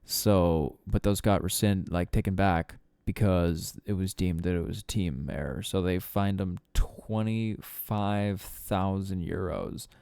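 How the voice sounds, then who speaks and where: Male solo podcaster, loose rambling delivery, smooth mellow tone. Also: sits low, takes it slowly, few pauses, dry recording, studio quality. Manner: rambling, swears casually, frequent fillers. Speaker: podcast host. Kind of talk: casual solo rambling monologue.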